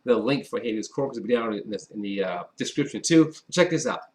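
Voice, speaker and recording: Medium in pitch, animated, and a little fast, this man reviews wine in a casual vlog. He's from Wisconsin, sits at a table indoors with a white background, and stays chatty and upbeat while addressing his viewers.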